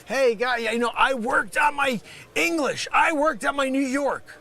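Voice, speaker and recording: A man playing a brash male scam caller posing as a tech company, yelling insults and swinging from loud to mumbled. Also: extremely high pitch, expressive, measured pace, full character voice. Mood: deflated. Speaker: comedy sketch performer. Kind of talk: improvised comedy sketch.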